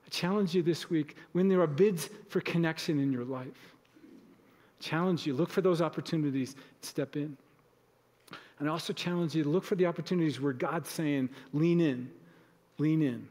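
Male pastor with a high voice in a reverberant church. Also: brisk, a little mellow. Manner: conversational, acts out short everyday exchanges. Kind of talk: sermon. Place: church sanctuary.

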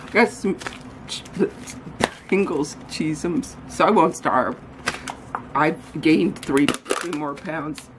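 Slow, low-voiced woman vlogging. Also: noisy background. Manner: rambling, self-deprecating, talks while running errands. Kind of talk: casual vlog chat. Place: out running errands, then at home.

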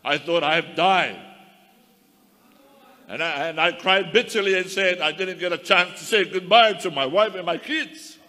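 A man's voice: high-pitched, moderate pace, pushed and bright. A man, a minister, giving a fervent testimony sermon to his congregation. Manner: fervent preaching, addresses the congregation as saints. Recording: long hall reverb with faint crowd.

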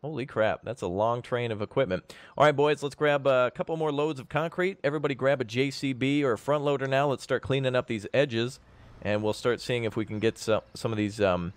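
A man hosting a multiplayer game session in casual chat with friends, rambling and joking, quick to exclaim. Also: mid-range voice, clear, resonant tone, no room sound.

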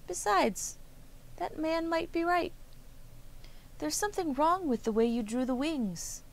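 A woman voicing a cheerful, wise little bird in a children's story, with a high chirping voice. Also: unhurried. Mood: chirpy.

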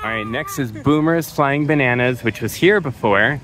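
A woman's voice: rumbling low, lively intonation, normal speed, few pauses, raised voice, noisy background. A woman chats to her kids while she films a family outing at an outdoor zoo on a handheld camera. Her voice swings widely up and down as she teases and jokes with them. It has a casual vlog feel. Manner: playful, teasing, talks to kids. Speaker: family vlogger.

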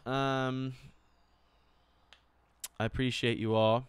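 A young man, a singer, chatting casually with viewers at the end of his live stream in a relaxed, thankful way. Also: medium pitch, extremely slow, smooth, no room sound.

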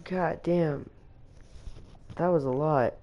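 A woman's voice: sits low, slow, warm tone, dull audio. A woman streaming a video game, laughing and swearing as she complains to her friends. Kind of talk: casual gaming stream chat.

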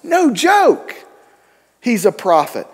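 High-voiced man preaching in a reverberant hall. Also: slow pace, slightly rough. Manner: animated storytelling, acting out quoted voices. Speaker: pastor. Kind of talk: sermon. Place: church sanctuary.

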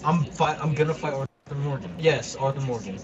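A man's voice: medium pitch, fairly quick. A man in casual game voice chat, taunting, cussing and laughing at another player. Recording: muffled mic with crowd noise.

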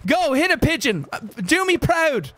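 A young Irish man streaming a game with friends, cheering loudly and teasing the others. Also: extremely high pitch, sing-song, unhurried, noisy background. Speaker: gamer. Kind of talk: live-streamed gameplay chat.

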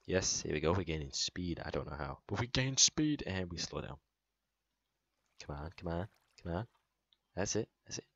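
Man, let's play commentary, deep voice, playful sound effects, lo-fi dry recording. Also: lively intonation, normal speed, a bit bright, dry recording. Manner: playful, narrating his own moves with sound effects. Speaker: gaming channel host.

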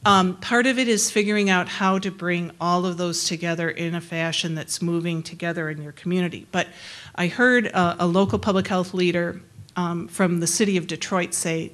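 Plain-spoken woman presenter, lowish voice. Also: fairly even intonation, normal speed, fairly bright tone. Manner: friendly, plain-spoken, laughs easily between points. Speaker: public health researcher giving a presentation. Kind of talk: conversational presentation to a forum.

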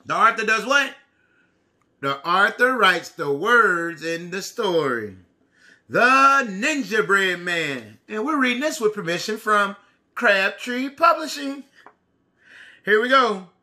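A man teacher who reads a picture book aloud to young children, speaking slowly and deliberately and asking them questions. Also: high voice, very animated, pushed and bright.

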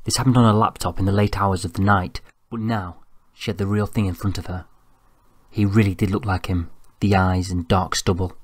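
A man reading an audiobook in an even, measured storytelling voice, close to the mic. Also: deep voice, dry recording. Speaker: audiobook narrator. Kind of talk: scripted narration.

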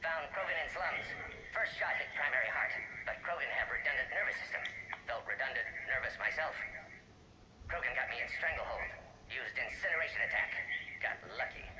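An actor playing a brisk, dry male alien scientist in a video game who talks in terse, clipped sentences that drop small words. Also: medium pitch, expressive, sharp tone, reverberant, slight background noise, low-quality recording. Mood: dry noir.

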